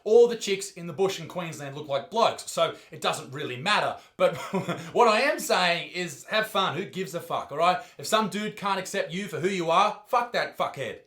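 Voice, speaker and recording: A young Australian man doing loud, profane comedic commentary, mocking and ranting as the host. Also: sits high, reverberant. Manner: loud, sweary, mocking rants.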